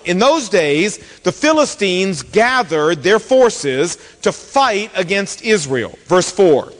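A man preaching a sermon, retelling a Bible story with expressive delivery and acted-out quotes. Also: sits high, long reverb tail. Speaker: pastor.

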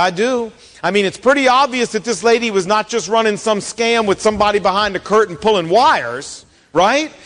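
A man preaching a sermon, retelling a Bible story with expressive delivery and acted-out quotes. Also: sits high, long reverb tail. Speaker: pastor.

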